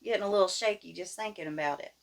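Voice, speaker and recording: A woman telling a childhood story in a folksy, animated, plain-spoken way. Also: on the low side, fast talker, gravelly. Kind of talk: casual storytelling.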